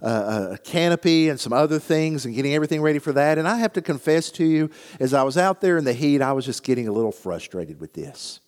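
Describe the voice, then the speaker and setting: An older man, reading scripture and preaching a sermon, earnest in his storytelling and dropping low and soft on solemn lines. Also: animated, fast talker, few pauses, in a large hall. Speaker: pastor.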